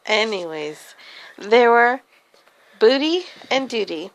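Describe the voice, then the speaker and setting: A woman's voice: on the high side, lively intonation, slow pace, muffled recording. Giggly woman spinning a silly tale. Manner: giggly, rambling. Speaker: storyteller. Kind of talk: improvised silly storytelling.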